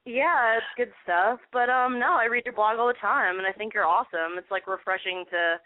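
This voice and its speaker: A woman's voice: on the high side, a little fast, dry recording. A young woman in her twenties calls in to a radio show, hesitating and laughing nervously between her words. She comes through a tinny, phone-like line with a dry, close sound. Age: 20s. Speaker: caller. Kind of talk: casual call-in chat.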